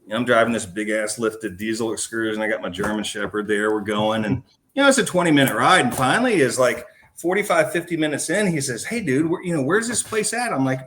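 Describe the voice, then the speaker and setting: A man's voice: medium pitch, animated, quick pace, fairly bright tone. A man, a podcast guest, recounting a personal story in a casual, slangy way. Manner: casual and slangy, calling the host man and dude.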